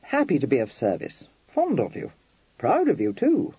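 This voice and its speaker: A man's voice: a little high, huge pitch swings, normal speed, breathy edge, dry recording, exaggerated voice. A man voicing a mild, blunt young Regency dandy who talks in clipped, slangy phrases and drops his words. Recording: dry, dull lo-fi recording.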